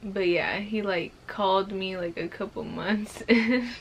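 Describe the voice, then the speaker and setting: A woman's voice: medium pitch, a little hiss or hum. A young woman casually telling a personal story to camera, full of fillers and growing emotional. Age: young adult. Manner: slow, emotional, many fillers like "like". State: currently pregnant. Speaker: vlogger.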